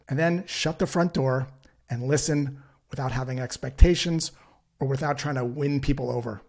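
A man giving a short scripted sales lesson in a calm, matter-of-fact way, acting out quick dialogue examples. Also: mid-range voice, gravelly. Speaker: sales trainer.

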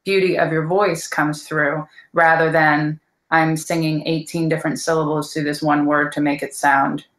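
A woman's voice: sits low, little pitch movement, normal speed, a bit bright, reverberant, low-quality recording. A woman speaking as a voice teacher in a casual interview, earnest and thoughtful, with many fillers.

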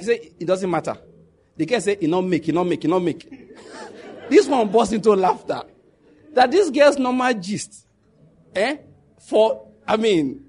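A Nigerian man with a Nigerian accent tells stories in a loose, animated monologue. His voice sits high for a man and has a husky edge. He laughs often and drops into pidgin quotes. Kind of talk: casual storytelling monologue.

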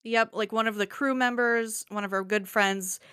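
A woman's voice: on the high side, fairly even intonation, moderate pace, pushed and bright, clear, resonant tone, no room sound, studio quality. A woman co-hosting a book podcast, chatting animatedly with laughs and casual swearing. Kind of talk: casual book-club chat.

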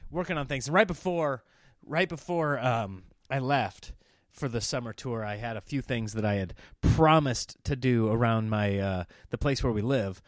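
A comedian and podcast host from Nebraska delivers a casual monologue at a middle pitch, rambling from story to story and acting out other people's lines. The recording is close and dry, with no room sound.

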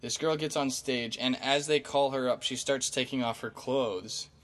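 A man's voice: mid-range voice, steady tone, moderate pace. A man who does stand-up, telling a loose story to his audience with lots of fillers, restarts and swearing. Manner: rambling, profane, many fillers and restarts. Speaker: stand-up comedian. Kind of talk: casual storytelling monologue.

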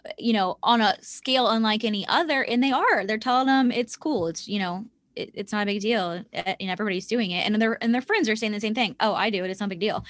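A woman's voice: fairly high pitch, fast talker, fairly bright tone, no room sound. Indignant woman hosting a true crime podcast, dry close mic. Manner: earnest, indignant. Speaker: podcast host. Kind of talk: conversational true-crime discussion.

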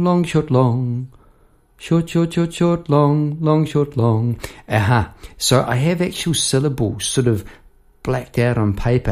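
A man talks through his own songwriting in a relaxed solo podcast, thinking out loud. He keeps asking himself questions and answering them. His voice sits at an average pitch with a gravelly edge. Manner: musing aloud, asks and answers himself, quotes lyrics. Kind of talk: casual solo podcast talk about songwriting.

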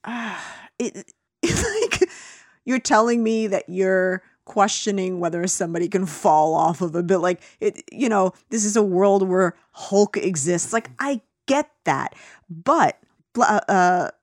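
A woman's voice: medium pitch, unhurried, no echo. Ranting woman, dry sound. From United States. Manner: animated, ranting, many fillers and restarts. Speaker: podcast co-host reviewing a film. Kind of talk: casual opinionated chat.

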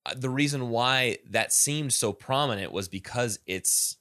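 A man's voice: mid-range voice, measured pace, sharp tone, smooth, dry recording. Chatty man, dry close sound. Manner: enthusiastic, rambling with restarts. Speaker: podcast co-host. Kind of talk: casual chat on a call.

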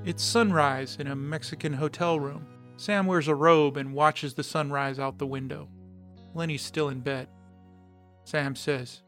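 A man hosting a podcast, narrating a story in a steady, descriptive way. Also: medium pitch, normal speed, faint music behind.

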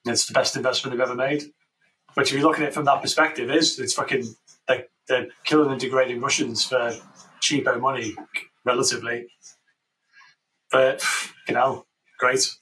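A man's voice: medium pitch, flat delivery, normal speed, pauses often, pushed and bright, recorded from a distance, poor audio. A man co-hosting a casual current-affairs podcast, talking bluntly and swearing freely. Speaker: podcast co-host.

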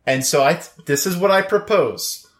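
A man co-hosting a casual podcast chat, playful and quick to laugh. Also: sits high. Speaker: podcast co-host.

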